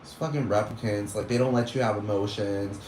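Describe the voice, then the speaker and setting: A man's voice: on the low side, steady tone, fairly quick, a little mellow. Man ranting, swearing constantly, echoey room. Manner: swears constantly, rambling, scoffing and exasperated. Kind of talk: profane ranting monologue. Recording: echoey room with faint noise.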